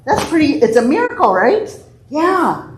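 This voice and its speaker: A woman in a church sanctuary tells a story to children in a bright, playful and animated way. Her voice is fairly high and leaps widely in pitch. The sound rings through the echoey hall, with a faint hum in the background. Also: normal speed. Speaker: church leader giving a children's message. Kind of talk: sermon reading and children's message.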